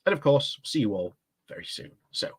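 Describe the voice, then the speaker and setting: A man's voice: mid-range voice, big pitch swings, fairly quick, slightly rough. A man hosting a casual political commentary vlog, rambling and hedging as he talks. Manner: rambling, hedging with lots of ums and "like I say". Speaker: host.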